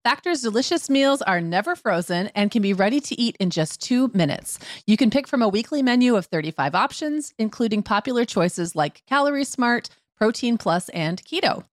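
A woman co-hosting a parenting podcast, reading sponsor copy in a lively, jokey way. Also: on the high side, normal speed, hardly any pauses, dry recording, clean studio sound. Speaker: podcast co-host. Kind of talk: casual podcast chat with read ads.

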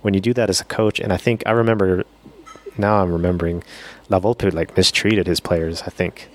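Deep-voiced man, blunt and animated. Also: fairly quick. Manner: blunt, animated opinions with casual slang. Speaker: podcast co-host. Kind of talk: casual chat.

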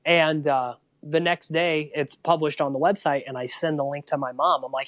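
A man's voice: on the high side, a little fast, no echo. A man in his thirties from St. Louis, a guest on a podcast, telling stories and acting out the dialogue in them. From St. Louis, USA. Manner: animated storyteller who acts out quoted dialogue. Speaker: guest, motocross journalist and photographer. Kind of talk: casual podcast conversation.

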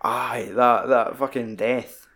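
A man's voice: medium pitch, fairly even intonation, slow pace, gravelly, fairly bright tone. Sweary man chatting films. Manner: loose, sweary, lots of "like". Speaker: podcast co-host. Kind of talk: casual film chat.

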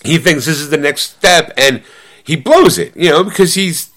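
Rambling man, lively delivery. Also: a little high, normal speed. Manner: rambling, lots of fillers and laughs. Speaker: podcast co-host. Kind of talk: casual chat.

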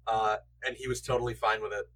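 A man's voice: on the low side, flat delivery, fast talker, fairly bright tone, recorded from a distance, slight background noise, rough recording. A man hosting a casual film commentary podcast, explaining trivia at length with many fillers. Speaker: podcast host.

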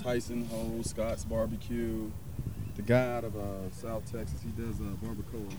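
A man's voice: fairly low pitch, level tone, normal speed, background noise. A man from South Carolina, a pitmaster, telling his story in a casual interview, rambling with many fillers. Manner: rambling, many fillers, acts out quoted people. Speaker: pitmaster and restaurant owner.

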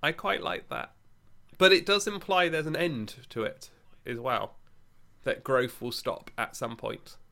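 A man co-hosting a podcast in casual chat, giggly and quick to laugh, and a bit unwell. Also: on the high side, expressive, creaky, sharp tone. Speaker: podcast co-host.

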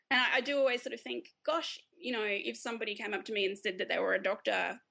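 A woman's voice: medium pitch, steady tone, fairly quick, creaky, bright, forceful tone. An Australian woman, a guest author, chatting casually in an interview, laughing often and restarting her sentences.

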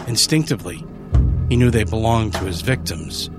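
Give me a low-voiced man reading a horror story in a measured, dramatic way, with faint music behind. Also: expressive. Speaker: narrator. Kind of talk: scripted horror story narration.

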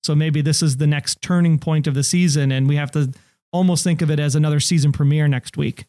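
A man's voice: a little high, fairly even intonation, a little fast, dark tone, no room sound, clean studio sound. A man co-hosting a podcast in casual chat. He is talkative and laughs easily. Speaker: podcast co-host.

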